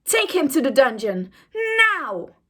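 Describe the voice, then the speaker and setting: A woman voicing Cinderella as a defiant young princess who turns loud and bossy. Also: on the high side, slow pace.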